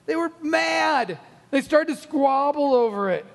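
A man with a high voice preaches a sermon and tells the story with lively energy. He acts out each character's lines and laughs often. His voice carries a long reverb, like a large hall. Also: a little slow, gravelly. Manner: animated storytelling, acting out quotes, frequent laughs.

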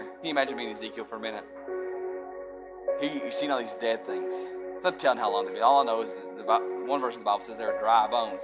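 A man preaching a sermon, moving from conversational talk to loud, fervent preaching. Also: medium pitch. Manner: builds from conversational to shouted preaching. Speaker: pastor. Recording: music playing underneath.

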